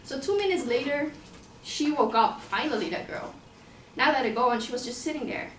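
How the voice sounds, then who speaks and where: A woman's voice: sits high, animated, a little fast, a bit bright, slight background noise. Woman telling a story from afar. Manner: casual, plain-spoken, repeats and swears. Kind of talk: personal storytelling to an audience. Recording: roomy sound from a distant mic, faint ambience.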